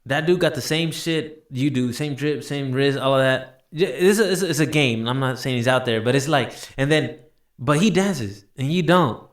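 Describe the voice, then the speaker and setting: A man hosting a casual podcast chat, talking excitedly, restarting and repeating words, calling people bro. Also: medium pitch, moderate pace. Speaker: podcast host.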